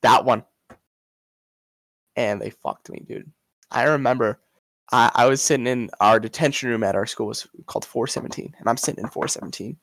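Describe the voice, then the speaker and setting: A man's voice: mid-range voice, normal speed, fairly bright tone, dry recording, studio quality. A young man co-hosting a podcast, rambling through a school story in casual, profane chat. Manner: profane, rambling, repeats himself. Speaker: podcast co-host.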